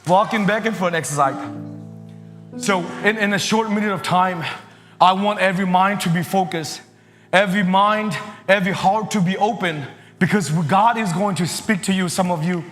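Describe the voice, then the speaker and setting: Brief: high-voiced male children's preacher, lively and halting, in an echoey hall. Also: faint music behind. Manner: animated, halting, non-native phrasing. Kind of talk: energetic children's sermon.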